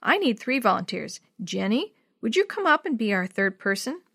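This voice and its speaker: Give me a woman playing a bright, encouraging schoolteacher. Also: fairly high pitch, very animated, normal speed, vocal fry, husky, dry recording, clean studio sound, exaggerated voice. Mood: cheerful.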